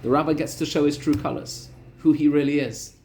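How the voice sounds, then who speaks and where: A man, a rabbi, telling a story in a lively Torah lesson, repeating words for emphasis. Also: a little high, brisk, a little hiss or hum. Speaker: rabbi teaching a weekly class.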